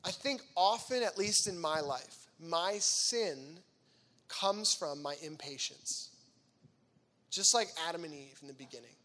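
A man in his thirties speaks to teenagers in a lively, conversational faith talk, slipping into acted-out voices for the people he quotes. His voice sits high for a man and has a bright, forward edge. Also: measured pace. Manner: animated, acts out voices in quoted dialogue; chatty and conversational, with frequent fillers. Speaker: youth speaker.

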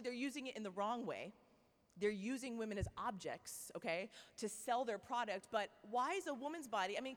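A young woman gives a lively, joking faith talk to a room of women. Her voice sits fairly high, and her speech is loose and chatty with many likes and okays. Long reverb from a large hall trails behind her. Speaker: speaker at a Christian women's event.

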